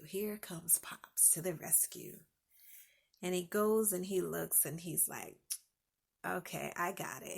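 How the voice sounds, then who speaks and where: Gravelly, husky woman giving a faith talk. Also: on the low side. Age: adult with children. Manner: conversational storytelling, drops to soft whispers for emphasis; uses everyday examples and asks the listener to picture them. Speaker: podcast host. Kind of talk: faith-based encouragement talk.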